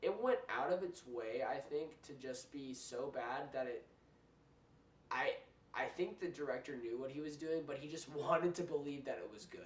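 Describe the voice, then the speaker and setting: A young man hosting a casual film review, blunt and animated, often restarting his sentences. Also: mid-range voice, normal speed. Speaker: movie reviewer host. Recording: roomy, distant mic, faint noise.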